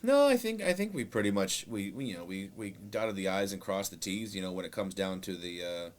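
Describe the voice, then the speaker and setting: A man's voice: lowish voice, expressive, brisk. A man co-hosting a casual couples podcast, rambling with lots of fillers and teasing his partner playfully. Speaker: podcast co-host.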